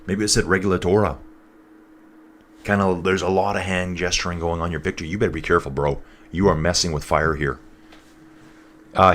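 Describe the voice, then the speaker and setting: Low-voiced stuffed-up man chatting through a race. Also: a bit bright. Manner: chatty, reads out viewer comments. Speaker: live race commentator. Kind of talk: casual live-stream commentary with chat.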